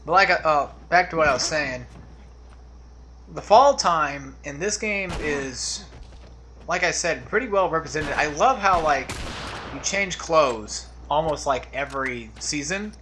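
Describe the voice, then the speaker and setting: A man talking over his gameplay in a loose, rambling way, wandering from topic to topic and letting sentences trail off. His voice sits a little high for a man and has a bright, sharp edge. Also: expressive, a little slow, slight background noise. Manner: rambling, drifts off on tangents; laid-back, trails off into mumbles. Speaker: let's play commentator. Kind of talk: casual gameplay commentary.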